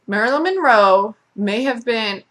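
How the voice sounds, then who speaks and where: A woman's voice: on the high side, expressive, a little slow, fairly bright tone. A woman vlogger in a casual, sarcastic rant who talks bluntly and swears freely. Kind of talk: casual ranting monologue.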